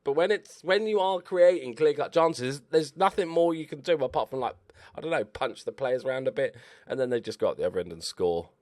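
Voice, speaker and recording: A man commentating over his own football management game, excitable and swearing at his players. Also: mid-range voice, brisk, few pauses, no echo. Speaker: gaming YouTuber. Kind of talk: Let's Play commentary.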